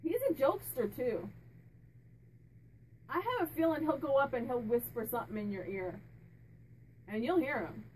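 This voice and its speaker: A woman's voice: high-pitched, animated, moderate pace, long pauses, distant mic, a little hiss or hum, poor audio. A woman speaking as a medium, chatting casually and relaying what a spirit tells her, with many restarts and fillers. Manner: laughs and jokes with the spirit. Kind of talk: casual channeling talk to camera.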